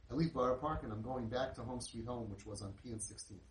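A middle-aged man, telling an inspirational story in an animated way and sprinkling in Yiddish and Hebrew words. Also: mid-range voice, quick pace. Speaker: inspirational speaker. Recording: roomy, distant mic with faint noise.

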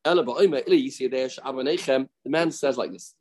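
A man's voice: mid-range voice, fast, low-quality recording. A man teaching a daily Talmud lesson, explaining the text, acting out its cases and repeating key phrases for emphasis.

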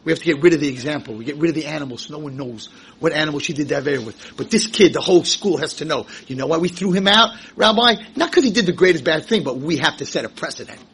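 A man teaching a Torah class, emphatic and animated, asking rhetorical questions and rising to shouts. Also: on the high side, quick pace, breathy edge, low-quality recording. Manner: rhetorical questions, acts out quotes. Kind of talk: Torah lecture.

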